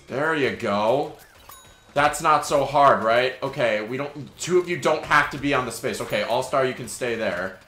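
A young man doing gameplay commentary, swearing and yelling sarcastically at his teammates. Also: medium pitch, lively intonation, takes it slowly, roomy sound. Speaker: gaming YouTuber.

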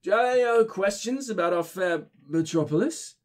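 A man's voice: sits high, lively intonation, a little fast. A man voicing a shambling, drunken male town greeter with a slurred voice, reading game dialogue aloud. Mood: tipsy, rambling.

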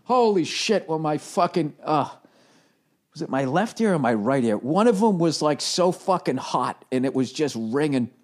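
Comedian host, man, forties, slightly high voice, swearing through a self-mocking story. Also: animated, moderate pace, darkish tone. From United States. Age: 40s. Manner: profane, rambling, self-deprecating. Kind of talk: casual comedic storytelling monologue.

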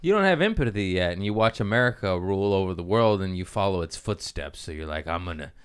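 A man hosting a podcast in casual chat, teasing his guest with quick jokey remarks. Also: deep voice, expressive, smooth. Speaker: podcast host.

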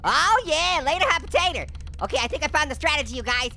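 Squeaky, sharp cartoon orange, very high and bouncy, a punning let's-play host who yelps at scares. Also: male voice, lively intonation, fast talker, creaky, exaggerated voice. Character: hyper, wisecracking male talking orange. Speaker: gaming host. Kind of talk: comedic let's-play commentary.

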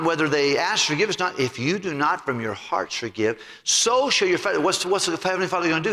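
A man's voice: a little high, creaky. A man preaching a sermon as pastor, telling a parable and acting out its voices. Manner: animated storytelling, acts out the parable's voices. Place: church sanctuary. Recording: church sanctuary with long reverb.

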